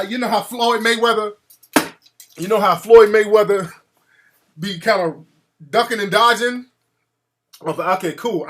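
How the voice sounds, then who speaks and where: A man hosting a call-in show, telling a story in an animated, profane way and acting out the quotes. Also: high voice. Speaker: radio show host.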